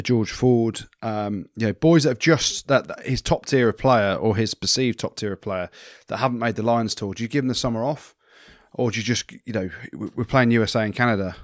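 An upbeat male co-host chatting keenly at a middling pitch. His voice is dry and close to the mic. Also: no echo. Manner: enthusiastic, chatty. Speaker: podcast co-host. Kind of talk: casual banter.

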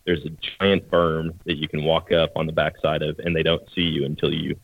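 A man on a podcast casually telling a hunting story in a relaxed, chatty, plain-spoken way. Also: extremely low pitch, fairly quick, vocal fry, dry recording, narrow, tinny audio. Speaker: podcast co-host, hunter.

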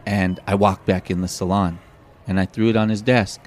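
A man telling a personal story in an interview, animated and acting out the voices of the people in it. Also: low voice, normal speed, slight background noise. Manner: animated, acts out quoted voices. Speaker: guest.

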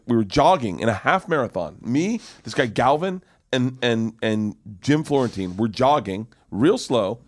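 A man in his forties from Florida, a guest comedian telling stories in an animated, profane, laughing way. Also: medium pitch, dry recording, clean studio sound. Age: 40s. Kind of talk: casual podcast storytelling.

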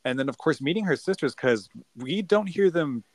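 An excitable man co-hosts a casual podcast. His pitch swings widely as he talks, and the recording is close and dry. He gasps and laughs often. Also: normal speed, dry recording. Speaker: podcast co-host. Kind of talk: casual chat.

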